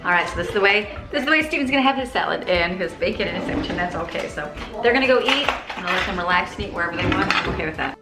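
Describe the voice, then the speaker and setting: A woman's voice: lowish voice, lively intonation, racing, over loud music. A woman in her thirties, a homeschooling mother, chatting through her day in a casual vlog while she goes about her chores at home. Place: car, home and kitchen. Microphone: handheld camera.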